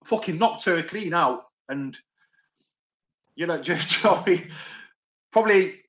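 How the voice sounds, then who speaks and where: Middle-aged man, higher-pitched, swears freely, loose rambling storytelling. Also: expressive, takes it slowly, fairly bright tone, muffled recording. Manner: swears often, rambling and repetitive. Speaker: podcast guest, ex-doorman. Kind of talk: casual storytelling.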